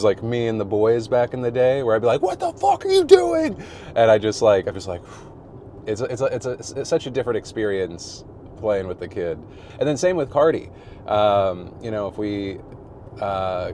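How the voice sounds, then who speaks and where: A man's voice: lowish voice, dark tone, slight background noise. A man in his forties talking casually and candidly to his vlog audience from a parked car, rambling, self-deprecating, laughing often and swearing freely. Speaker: vlogger. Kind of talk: casual personal vlog chat.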